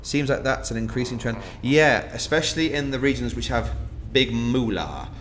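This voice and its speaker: A man's voice: mid-range voice, normal speed, fairly bright tone, a little hiss or hum. Chatty man hosting a wine tasting. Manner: chatty, self-mocking, laughs often. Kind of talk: casual online tasting chat.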